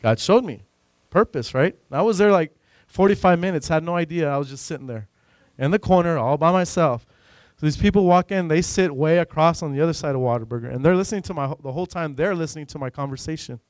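A man giving an earnest, emotional personal faith testimony, rambling and filling pauses with "you know.". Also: fairly high pitch, no echo. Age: adult with a son. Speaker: church member giving a testimony.

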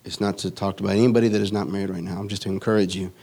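A man preaching a sermon, moving from solemn teaching to lively storytelling. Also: low voice, rapid-fire, gravelly, breathy edge. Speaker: pastor.

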